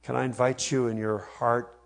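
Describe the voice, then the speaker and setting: A man preaching a sermon, leading his congregation in a slow, emphatic reading and swelling loud on key phrases. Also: mid-range voice, level tone, vocal fry. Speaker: pastor.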